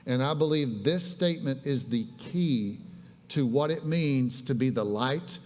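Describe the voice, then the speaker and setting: A man's voice: mid-range voice, a little slow, a little mellow. A male pastor preaching a casual sermon, chatting with the congregation and telling stories in a conversational way. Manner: conversational, storytelling with audience asides. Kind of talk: casual sermon with live demonstration. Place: church sanctuary. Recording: long reverb of a church hall.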